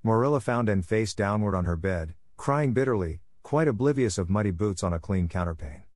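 A man narrating a classic novel as an audiobook, in a steady, even reading. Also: lowish voice, fairly quick, no echo, studio quality. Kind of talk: scripted narration.

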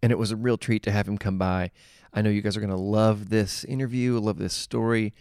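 A man's voice: fairly low pitch, fairly even intonation, brisk, clear, resonant tone, dry recording. A man hosting a podcast, talking in a chatty, easygoing way with fillers in a studio. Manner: warm, chatty, filler words. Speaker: podcast host. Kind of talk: scripted podcast intro and casual interview. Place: recording studio.

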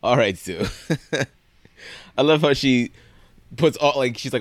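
A man's voice: mid-range voice, slow pace, long pauses, no room sound. Profane, ranting podcast man, dry sound. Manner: animated and profane, with sarcastic rants. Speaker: podcast co-host. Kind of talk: casual chat.

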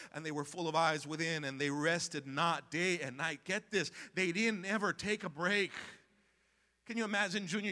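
A man's voice: high voice, pushed and bright, long reverb tail. A man preaching a sermon as pastor in a church sanctuary, impassioned and repetitive, calling out to the congregation.

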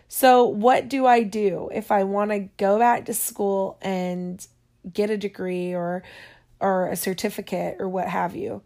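Woman, unhurried, casual and digressive advice-giving vlogger. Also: medium pitch, creaky, a little mellow. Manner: chatty, digressive, yawning often.

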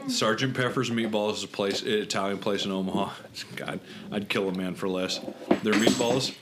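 A man's voice: fairly low pitch, normal speed. A man hosting a late-night casual chat, loose and profane, a bit tipsy from drinking. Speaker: podcast host. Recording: loud background noise.

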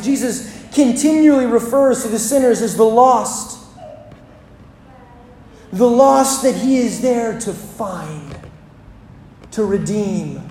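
A pastor preaching a sermon in a church, with dramatic pauses and emphatic repetition, recorded with a roomy church echo. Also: medium pitch, warm tone, a little hiss or hum.

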